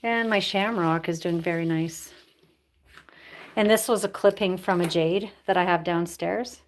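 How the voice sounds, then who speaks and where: Female vlogger, unhurried, casual home chat with cooing pet talk. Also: steady tone, slight background noise. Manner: coos in high baby talk to her birds. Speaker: pet bird keeper and vlogger. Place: indoors at home among plants and birds.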